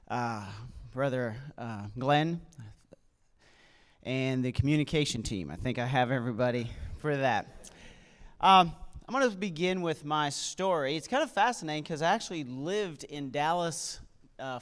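A man's voice: a little high, a little slow, clean tone. Canadian man with a slight Southern drawl. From Nova Scotia, Canada. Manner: chatty, humorous storytelling. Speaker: guest speaker at a church. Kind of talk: sermon with personal testimony.

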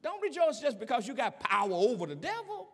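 High, animated preacher in a hall. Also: male voice, fairly quick, vocal fry. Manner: call-and-response preaching, rising to shouts. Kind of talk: sermon. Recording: long hall reverb.

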